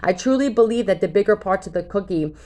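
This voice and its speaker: A woman's voice: mid-range voice, lively intonation, fast, mellow. A woman tarot reader talking casually to her viewers, blunt and cursing freely, often checking in with "okay?". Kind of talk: casual talk to camera.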